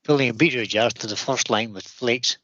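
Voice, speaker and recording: A man's voice: medium pitch, fairly quick, sharp tone, no echo, dull audio. A man co-hosting a woodworking livestream, joking around and reading out viewer comments. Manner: jokey, reads viewer comments. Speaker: co-host. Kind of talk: livestream chat.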